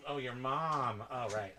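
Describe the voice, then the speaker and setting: A man's voice: mid-range voice, takes it slowly, sharp tone. A man hosting a casual show-and-tell chat at a home tiki bar, rambling and joking as he corrects himself. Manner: rambling, jokey, self-correcting. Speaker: host.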